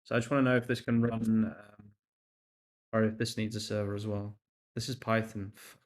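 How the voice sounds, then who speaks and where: A man's voice: on the low side, flat delivery, moderate pace. A young man chatting casually on a live stream while coding, reading chat aloud, laughing and swearing now and then. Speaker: livestream host.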